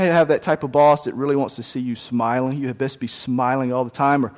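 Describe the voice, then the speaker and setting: A man preaching a sermon, telling the story with lively acted voices. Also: a little high, quick pace, big-room sound. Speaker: pastor.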